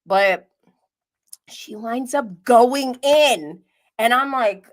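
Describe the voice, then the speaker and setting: Slow-talking gossipy woman streamer. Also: mid-range voice, animated. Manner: gossipy, chatty, drops to a whisper and laughs often. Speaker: host of a reality TV commentary live stream. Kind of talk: casual live-stream commentary.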